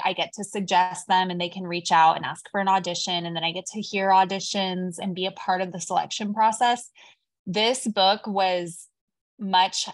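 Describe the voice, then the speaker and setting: A middle-aged woman from Texas, a guest author talking in a casual, animated, rambling way with many fillers. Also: lowish voice, dry recording. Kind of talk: casual video-call interview.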